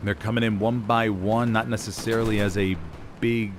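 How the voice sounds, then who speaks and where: A man's voice: lowish voice, level tone, moderate pace. Man calling a game over gunfire. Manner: self-deprecating, chatty play-by-play. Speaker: esports caster. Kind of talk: live game commentary. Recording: game noise behind the voice. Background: gunfire, artillery and vehicles from the game.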